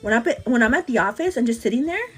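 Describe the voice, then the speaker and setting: A high-energy woman in her thirties chats through a makeup livestream, her slightly high voice swooping up and down as she talks. Her tone is husky and a touch breathy, and she sounds a bit winded from talking so much. She keeps calling her viewers "girl". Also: fast talker. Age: 30s. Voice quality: energetic, hyperactive delivery. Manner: chatty, calls viewers "girl", answers comments. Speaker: beauty livestream host. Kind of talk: casual livestream chat.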